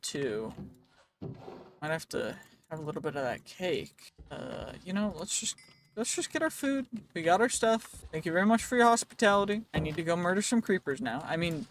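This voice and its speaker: Chatty high-voiced gaming host. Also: male voice, slight background noise. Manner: chatty, playful, thinks out loud. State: voice wearing out. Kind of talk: casual gameplay commentary.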